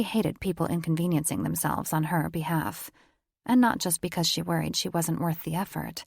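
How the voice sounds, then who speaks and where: The speaker is a woman doing scripted narration for a romance audiobook, her voice slightly low, gravelly and full of fry. She reads in a steady, measured way, and the close, dry sound carries no echo.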